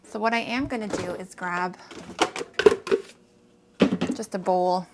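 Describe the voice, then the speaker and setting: A woman's voice: on the low side, very noisy. A woman in her thirties from Canada, chatting to viewers while cooking in her kitchen, a little out of breath. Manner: chatty, talks straight to viewers. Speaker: home cooking vlogger. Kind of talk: casual cooking vlog chat. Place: home kitchen.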